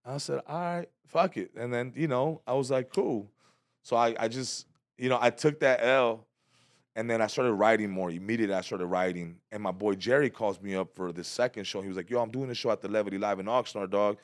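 Animated slangy comedian, low voice. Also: male voice, a little fast, no room sound, clean studio sound. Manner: animated, slangy, acts out quotes with big loud jumps. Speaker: comedian guest. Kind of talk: casual storytelling in a podcast interview.

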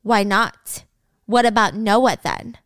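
A woman's voice: mid-range voice, slow pace, fairly bright tone, dry recording, studio quality. A woman voicing a menacing teen boy who holds a hostage, snarling and taunting with a lot of swearing.

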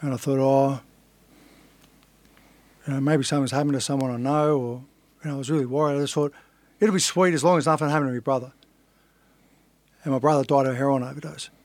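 A man's voice: mid-range voice, fairly even intonation, quick pace, pauses often, a little mellow, no echo. A man in his forties, a fighter being interviewed, telling his life story in a blunt, earnest way and swearing casually. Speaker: guest, fighter.

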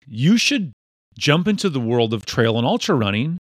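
Animated joking podcast host, dry sound. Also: male voice, mid-range voice, moderate pace, dry recording. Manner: jokey, animated, teasing, puts on funny voices. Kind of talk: casual interview chat.

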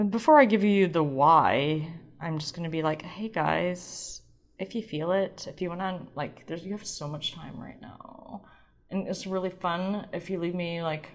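A woman hosting her own podcast in a rambling, playful, self-deprecating chat. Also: on the low side. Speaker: podcast host. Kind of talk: casual solo podcast chat.

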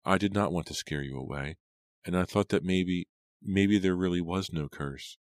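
A gentle, anxious young woman, read by a man, soft-spoken and tender. The voice stays very deep and dry, close to the mic, with little change made for her. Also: normal speed, dry recording.

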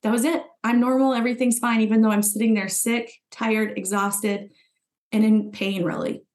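Woman guest, pitch on the high side, earnest and emphatic, relives her own thoughts aloud. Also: fairly even intonation, normal speed, darkish tone. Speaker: podcast guest, former client. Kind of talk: personal story told in conversation.

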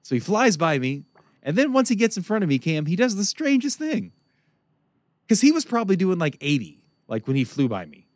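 Animated, profane storytelling man. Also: high voice, fairly quick, no echo. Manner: profane, animated, laughs often. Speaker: podcast co-host. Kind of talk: casual storytelling chat.

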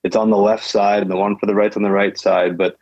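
A man's voice: fairly low pitch, flat delivery, fast, vocal fry, darkish tone, no echo, dull audio. A man, a guest pilot, telling his story in a loose, casual way, repeating phrases and laughing now and then.

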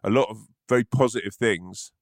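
A man's voice: lowish voice, fairly quick, no echo, clean studio sound. A man co-hosting in casual comedic chat, rambling and self-mocking, often laughing. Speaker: podcast co-host.

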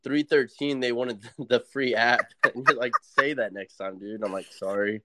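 A man's voice: mid-range voice, steady tone, moderate pace, pushed and bright, no room sound. A young man chatting as a podcast guest, laid-back and slangy, swearing casually.

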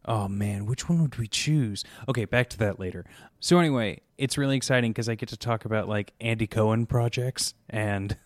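A man's voice: fairly low pitch, brisk, no echo. Teasing male podcast host, dry sound. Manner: playful, teasing banter. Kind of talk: casual chat.

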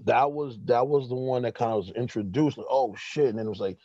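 A man's voice: medium pitch, fast talker, mellow, dry recording. A middle-aged man, a guest telling long, rambling stories in casual chat with many fillers. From New York. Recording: dull muffled sound.

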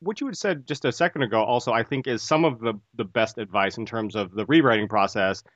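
A man hosting a casual interview, asking measured questions about writing. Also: medium pitch, fairly bright tone, dry recording, lo-fi sound. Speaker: podcast host.

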